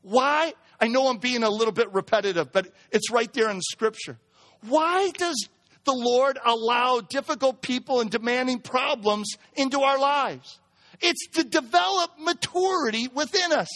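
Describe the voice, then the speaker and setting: A pastor preaching a sermon, building to emphatic near-shouts as he drives his points home. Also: normal speed. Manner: reads a poem in a hushed lower voice.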